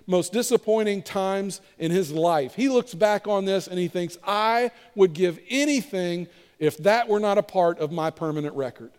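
A man preaching a sermon as pastor, moving between emphatic delivery and hushed, intimate appeals to the congregation. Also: a little high. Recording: long hall reverb.

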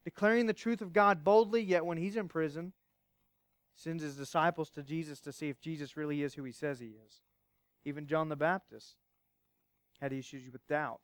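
A man pastor preaching a sermon, emphatic at times and hushed at others, asking rhetorical questions. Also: on the high side, steady tone, moderate pace, pauses often, dry recording.

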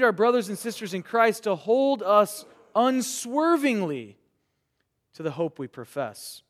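A man preaching a sermon to young people, earnest and rhetorical, with dramatic pauses. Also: high voice, lively intonation. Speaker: pastor. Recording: reverberant hall.

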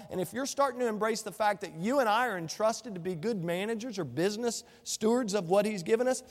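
A man's voice: high-pitched, big-room sound. A male pastor preaching a sermon, quoting scripture and asking the congregation rhetorical questions.

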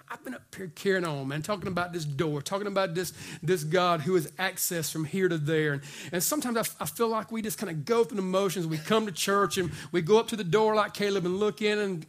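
A pastor preaching a sermon in a church, fervent and folksy, calling out "come on" and dropping to a slow hush for scripture. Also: male voice, sits high, lively intonation. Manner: fervent preaching, swings from loud urging to hushed slow scripture reading; folksy, says "man" and "come on".

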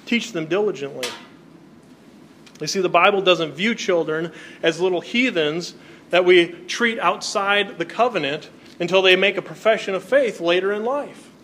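A man's voice: high voice, moderate pace, a bit bright, slight background noise. A male pastor preaching a sermon, reading Bible passages aloud and explaining them to his congregation. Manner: reads scripture aloud, then explains it to the congregation.

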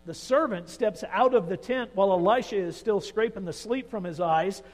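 A man with a high, bright preaching voice leads a sermon and tells the story with vivid emphasis. He drops to quiet asides, then rises again. A long reverb fills the hall around him. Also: moderate pace. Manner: storytelling, shifting between hushed and emphatic. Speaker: pastor.

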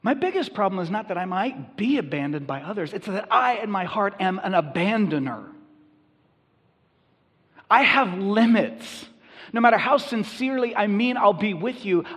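Lively-voiced male pastor preaching. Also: high voice, moderate pace, breathy edge, long reverb tail. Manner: conversational and emphatic preaching. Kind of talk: sermon.

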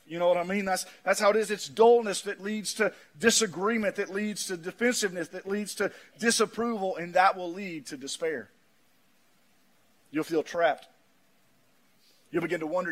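A man preaching a sermon in a folksy manner, swinging from shouts down to low, quiet lines. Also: normal speed. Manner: folksy, says "man" often. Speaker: pastor.

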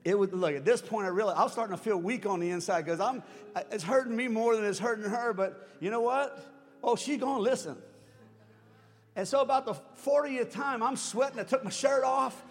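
A man preaching a sermon, telling a story with chuckles and swinging from hushed, slow passages to shouted lines. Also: high-pitched. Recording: long hall reverb, faint music.

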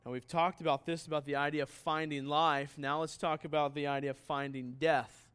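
A man's voice: a little high, little pitch movement, fairly quick, a bit bright, clear, resonant tone. A man preaching a sermon as pastor, emphatic and putting questions straight to his listeners.

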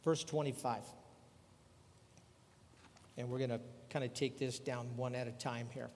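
A man's voice: medium pitch, steady tone, unhurried, darkish tone, in a large hall, slight background noise. An older man preaching a sermon in a conversational way, asking his listeners rhetorical questions. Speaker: pastor.

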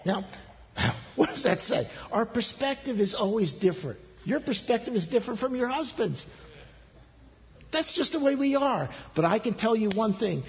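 A man preaching a sermon as pastor, earnest, his pitch rising on pleading questions and dropping low and soft for intimate appeals. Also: big pitch swings, normal speed. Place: church sanctuary. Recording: husky voice in a long-reverb church hall, dull lo-fi sound.

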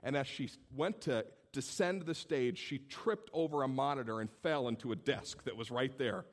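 A male pastor preaching a sermon, telling stories in an animated way and acting out the people in them. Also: mid-range voice, moderate pace. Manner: animated storytelling, acts out the people in his stories.

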